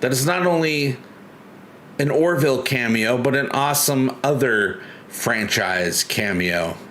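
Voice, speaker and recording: A man's voice: mid-range voice, a little slow, fairly bright tone, slight background noise. A man hosting a casual live stream, chatting loosely and reading viewer comments aloud. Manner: chatty, reads chat aloud, loose and rambling. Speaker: livestream host.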